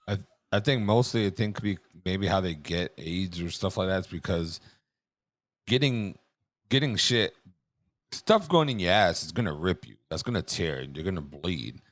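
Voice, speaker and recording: A man's voice: low voice, lively intonation, normal speed, fairly bright tone, no room sound. A man co-hosting a podcast, speaking bluntly and crudely in casual chat. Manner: blunt and crude, then self-correcting. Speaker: podcast co-host.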